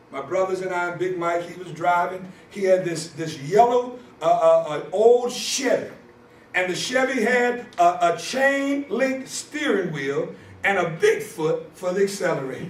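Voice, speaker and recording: A man telling a story as a conference speaker, sermon style, animated and often shouting for emphasis. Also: high voice, a little hiss or hum. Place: church conference hall. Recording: echoey hall from far off.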